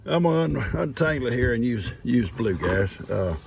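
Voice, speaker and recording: Older male farmer-host, gravelly, animated delivery, easygoing vlog narration outdoors. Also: medium pitch, normal speed, very noisy. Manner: folksy and chatty, chuckles often. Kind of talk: casual vlog narration while working. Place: outdoors by a creek on a farm.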